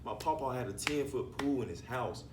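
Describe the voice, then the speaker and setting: A man's voice: mid-range voice, lively intonation, moderate pace, echoey room, recorded from a distance, background noise. A man, a rapper guest telling rambling, profane family stories in a casual interview. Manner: laid-back, profane, rambling storyteller.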